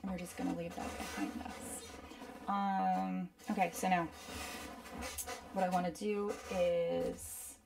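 Chatty woman painting live, slightly gravelly. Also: fairly low pitch, flat delivery, takes it slowly, long pauses, recorded from a distance. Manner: chatty, rambling, talks to herself while painting. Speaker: art instructor. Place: at a painting desk.

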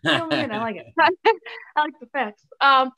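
A woman's voice: high-pitched, animated, normal speed, pushed and bright. A young woman from Chicago, a guest on a podcast, chatting casually and giggling, with many "like"s and "um"s. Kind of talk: casual interview chat.

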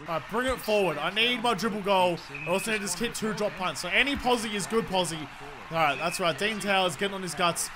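A young man commentating his own football video game, frustrated and profane, yelling at his teammates. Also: high voice, a little fast, crowd noise. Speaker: gaming commentator. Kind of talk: swearing live gameplay commentary.

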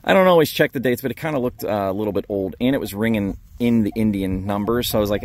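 A man's voice: on the low side, fast, few pauses, darkish tone, slight background noise. Upbeat man narrating a dig outdoors. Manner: upbeat, cheering on his friends. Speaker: metal detecting vlog host. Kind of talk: casual on-the-spot narration.

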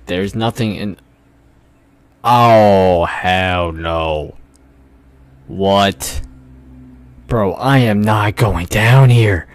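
A man's voice: on the low side, no room sound. Jumpy swearing young male gamer. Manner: jumpy, swearing, nervous laughs. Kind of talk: horror game commentary.

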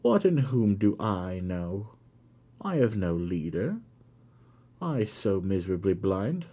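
A man reading a classic novel aloud, voicing an anguished young blind woman in a high, raised voice. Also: sing-song, takes it slowly, husky, heavily acted. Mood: reproachful. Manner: high, loud, cries out.

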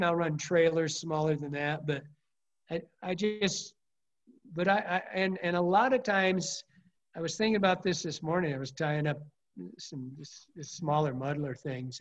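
A middle-aged man with a somewhat high voice teaches fly fishing in a loose, rambling way, piling up anecdotes with false starts and casual swearing. The recording sounds dull and lo-fi. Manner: rambling, colorful storyteller with frequent restarts and mild swearing.

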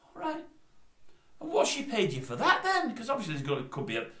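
A man's voice: sits high, wildly swooping pitch, brisk, a bit bright, roomy sound, voice pushed up, heavily acted. A man voicing a male TV presenter who asks probing, incredulous questions.

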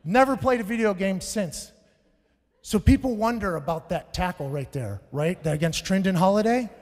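On a big stage, a stand-up comedian in his thirties spins stories in a loud, profane manner that erupts into shouts. His high, animated voice moves at a moderate pace and rings through a large live hall with a long reverb tail.

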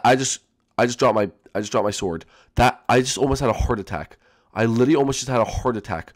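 Talking briskly in a fairly low voice, a man who runs a gaming channel narrates a let's-play with lots of excitement. He repeats phrases and addresses his audience directly.

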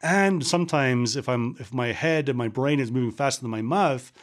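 A middle-aged man hosts a solo podcast in a Scottish accent that has drifted toward American. He talks quickly, sometimes runs words together, and sits at a typical male pitch. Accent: Scottish-American, faded Scottish. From Scotland. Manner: quick talker who sometimes mumbles words. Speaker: podcast host.

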